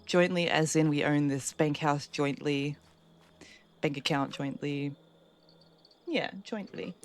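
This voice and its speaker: A woman with a deep voice speaks slowly while streaming a game at home. She chats casually with her viewers, reading out and answering their messages, and laughs easily.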